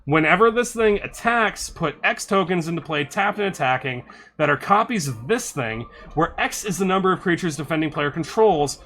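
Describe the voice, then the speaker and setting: A man reviewing viewer card suggestions on a casual live stream sounds animated, with a fairly high, pushed and bright voice. There is slight background noise as he cheerfully reads card text quickly into a desk microphone and thanks followers.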